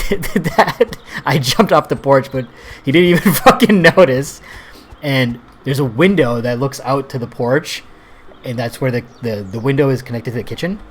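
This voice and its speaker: A man in his thirties telling rambling, profane childhood stories while playing a game, laughing as he goes. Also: medium pitch. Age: 30s. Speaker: gaming video host. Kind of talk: casual storytelling over gameplay.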